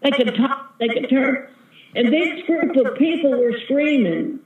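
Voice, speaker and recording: A woman's voice: sits high, measured pace, roomy sound, phone-quality sound, a little hiss or hum. A woman evangelist giving an earnest, vivid testimony as a guest in an interview. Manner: earnest, vivid storytelling, calls listener sister.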